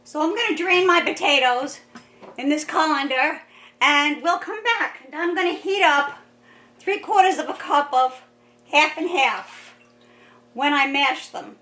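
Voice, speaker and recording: Animated and unhurried, a woman with a high, bright, forceful voice hosts a cooking vlog from her home kitchen. She chats cheerfully and laughs often during the casual demonstration, and the distant mic picks up roomy kitchen sound.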